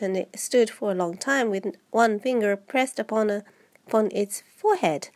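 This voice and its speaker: A woman whose first language is Japanese reads a children's book aloud in English while fighting a head cold, often slipping and starting over. Her voice is fairly high, gravelly and somewhat dark in tone.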